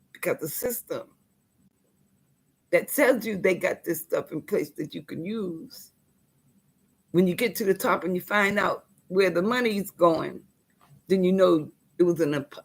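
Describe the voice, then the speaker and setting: A woman speaks with fiery conviction in a gravelly, husky voice. She preaches straight to her viewers and calls them y'all. At times her voice sinks to a hushed whisper. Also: fairly low pitch. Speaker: tenant speaking out. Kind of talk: impassioned direct-to-camera appeal.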